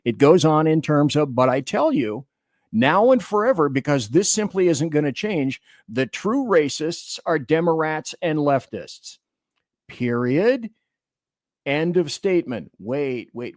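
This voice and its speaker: A man's voice: fairly high pitch, sing-song, measured pace, no echo, studio quality. A man hosting a political talk radio show, delivering emphatic commentary and reading listener chat aloud. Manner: emphatic, declamatory.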